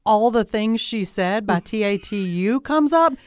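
A radio co-host talks through her song picks in an easy, chatty way. Her voice is smooth and clear, with a medium pitch, recorded dry on a studio mic. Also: lively intonation, a little slow, no echo. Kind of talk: casual chat. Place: broadcast studio.

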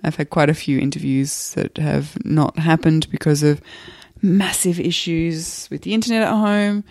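Woman podcast host, flu-croaky and hoarse, easygoing chat with lots of laughs, dry close mic. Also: deep voice, steady tone, normal speed, a little mellow, no room sound. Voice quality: hoarse, gravelly. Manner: laughs often, chatty with fillers.

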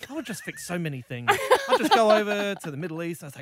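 A man's voice: high-pitched, very animated, quick pace, few pauses, no echo, studio quality. A man, a regular on a radio show, musing aloud in a laid-back way. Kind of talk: casual radio chat.

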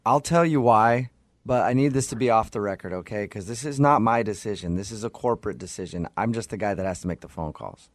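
A man's voice: fairly low pitch, brisk, no echo. A man from a radio show making a prank phone call, sounding mock-apologetic and giggling.

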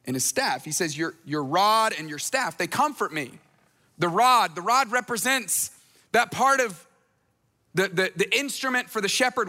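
High, bright-voiced man preaching. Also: big-room sound. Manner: conversational preaching with playful voices for quoted people. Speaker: pastor. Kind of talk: sermon.

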